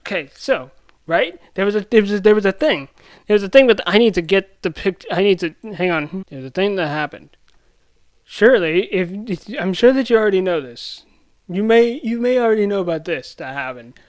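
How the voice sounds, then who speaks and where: Rambling, excitable young man ranting. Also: sits high, a little fast, no room sound. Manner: rambling and excitable, many restarts and self-interruptions. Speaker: YouTube commentator. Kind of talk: ranting pop-culture commentary.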